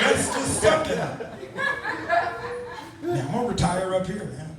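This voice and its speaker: A middle-aged man hosting a stand-up comedy show, telling loose, profane stories in an animated way. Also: high voice, unhurried, long pauses, a loud crowd. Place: comedy club. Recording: very echoey room, heard from far off. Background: audience laughing.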